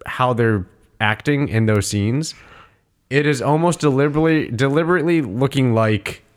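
Male podcast co-host, casual, emphatic, halting delivery. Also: mid-range voice. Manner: halting, restarts often, emphatic. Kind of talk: casual chat.

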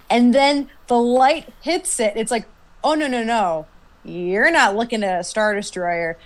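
Excitable woman on a podcast, kinda high voice, laughs a lot, acts out every quote. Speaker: podcast co-host. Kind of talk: casual chat.

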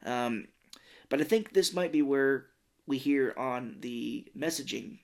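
A man's voice: medium pitch, slow, creaky. A man in his thirties co-hosting a casual movie podcast, recapping scenes at length and acting out lines in silly voices. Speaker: podcast co-host. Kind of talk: casual movie-review chat.

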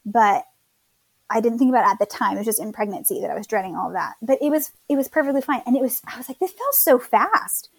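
A woman's voice: a little high, fast, creaky, husky, no echo. A young woman casually telling her birth story, chatty, quoting others and laughing at herself.

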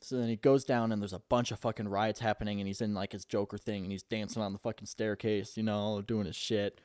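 A man's voice: on the low side, flat delivery, fairly quick, a little mellow, clear, resonant tone, no room sound, studio quality. A young man in casual chat, rambling on as he retells a story and swearing constantly.

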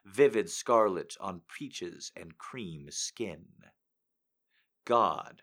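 A man reads romance excerpts aloud on a live show, his voice very deep and the pace unhurried. He lingers over the words with deliberate, sensual phrasing, now and then sinking into a near-whisper. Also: fairly bright tone. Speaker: host reading excerpts aloud. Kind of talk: dramatic reading on a live stream.

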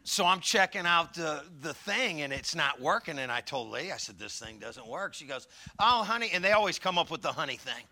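A man's voice: on the high side, fairly quick, hardly any pauses, bright, forceful tone. A middle-aged man preaching a sermon, joking through rambling asides and calling for the congregation to answer back. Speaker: pastor.

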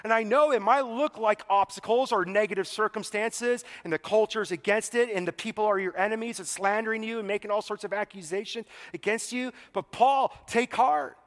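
A man with a high voice preaches in a casual, animated way and acts out the scenes he retells. His voice rings with the long reverb of a large church hall. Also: brisk, few pauses. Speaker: pastor. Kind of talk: sermon.

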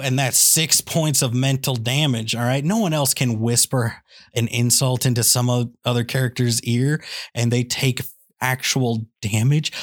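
On a podcast, a man launches into an excitable comedic rant at normal speed, ending his lines with "okay?" and "all right?" When he gets worked up, his voice leaps high.

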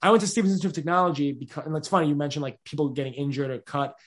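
A young man talks very fast, piling up restarts as he rambles through his answers. His voice sits a little high and carries constant energy. The talk is a casual, open interview. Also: steady tone. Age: 20s. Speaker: podcast host being interviewed.

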